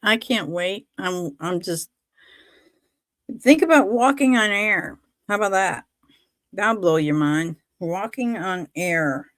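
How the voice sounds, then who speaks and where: A woman hosting a casual faith chat on a livestream, telling animated stories, acting out what others said and laughing often. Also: medium pitch, slow, dry recording. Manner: animated storytelling, acts out quoted voices, laughs often. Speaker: livestream host.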